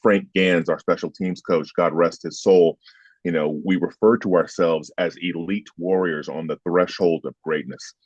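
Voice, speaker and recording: An American former football player in his fifties tells stories in an interview, emphatic and heated, swearing now and then as he gets animated. His voice is deep, steady and slightly rough at a moderate pace, and the recording is dry, echo-free and slightly dull.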